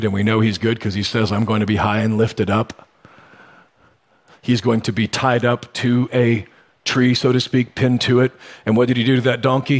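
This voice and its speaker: Husky-voiced pastor preaching conversationally. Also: male voice, fairly low pitch. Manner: conversational storytelling with sudden animated bursts. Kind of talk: sermon.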